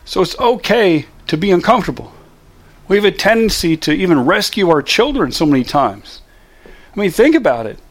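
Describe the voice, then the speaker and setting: A man's voice: high-pitched, very animated, normal speed. A middle-aged man giving a casual, emphatic motivational monologue, full of rhetorical questions. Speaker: motivational speaker.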